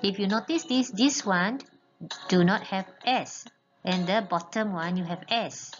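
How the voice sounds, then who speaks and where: A woman teaches a grammar lesson at an unhurried, deliberate pace, spelling words letter by letter and pausing to check understanding. The recording sounds somewhat muffled and lo-fi, with faint music underneath. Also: medium pitch. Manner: slow, patient, spells out letters, repeats "okay". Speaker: English teacher.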